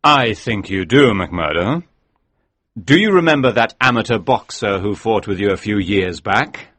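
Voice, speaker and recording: A composed detective gives firm, measured orders in a lowish voice, as a male storyteller puts him on. The storybook reading sounds close and dry. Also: expressive, fairly bright tone, no echo. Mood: commanding. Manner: firm and controlled. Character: calm, commanding male detective. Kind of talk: story reading for English learners.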